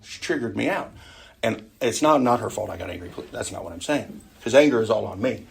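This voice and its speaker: A man's voice: on the low side, animated, brisk, creaky, husky. A middle-aged man teaching an adult Sunday school class in a conversational way, often putting questions to the group.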